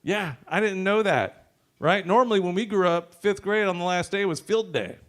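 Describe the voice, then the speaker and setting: A man with a fairly high voice works a brewery open mic stage, telling stand-up stories in a loose, joking way. He swears freely and chuckles between lines, speaking into a handheld stage mic. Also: moderate pace, fairly bright tone. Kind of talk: stand-up comedy set.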